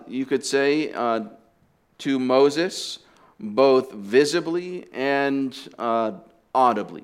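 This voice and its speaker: A pastor preaching a sermon, explaining deliberately and dropping in casual asides to the congregation. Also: male voice, mid-range voice, clear, resonant tone. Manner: deliberate teaching with conversational asides.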